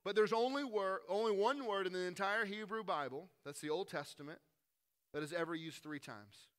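A male pastor preaching a conversational sermon, swinging from loud, quick asides to hushed, slow passages. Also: high voice.

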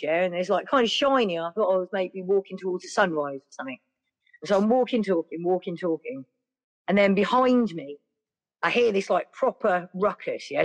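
A woman telling a personal story in a rambling, chatty way, full of "like" and "yeah". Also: lowish voice. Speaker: podcast guest. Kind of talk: casual storytelling.

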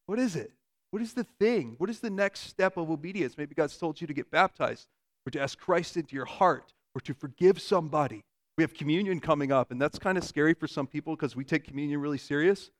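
Animated male pastor preaching a sermon. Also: a little high. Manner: conversational, animated storytelling with quick shifts in loudness.

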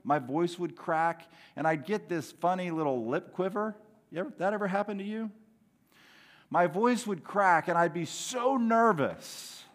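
A middle-aged man preaching a sermon with earnest delivery, moving between quiet and loud. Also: a little high. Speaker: pastor. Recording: long hall reverb.

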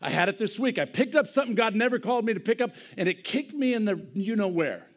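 Man, pastor, sermon, fairly high voice, hushed then loud, earnest repetitions, church. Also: expressive, fast talker. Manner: swings between hushed near-whispers and loud impassioned preaching; repeats words and restarts phrases in earnest bursts. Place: church sanctuary.

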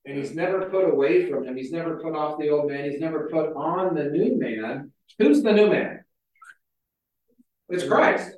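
A man's voice: a little high, expressive, normal speed, a little mellow. A man preaching a casual, conversational sermon, telling stories with a lot of filler words. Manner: chatty, storytelling, frequent "like" fillers. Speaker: pastor. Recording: very echoey hall, mic far off.

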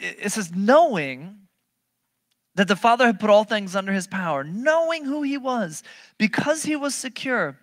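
On a dry recording, a preacher gives a spirited, emphatic sermon. He keeps posing rhetorical questions and moves back and forth between loud bursts and quiet, low passages.

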